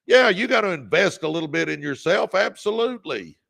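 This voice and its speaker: A man's voice: high-pitched, sing-song, a little fast, creaky, fairly bright tone. A man hosting a motivational livestream, urging viewers on in a revved-up, preacher-like way. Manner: revved-up preacher-like exhortation, calls out viewers by name. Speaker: podcast host.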